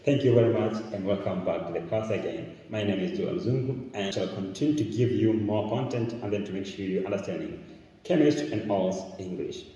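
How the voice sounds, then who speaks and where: A man with a Tanzanian accent teaches a chemistry class, explaining each step as he works. His voice is low and mellow. It is recorded from a distance in a room with heavy echo and a long reverb tail. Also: fairly quick, lo-fi sound, slight background noise. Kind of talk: classroom demonstration lesson. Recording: echoey room, mic far off.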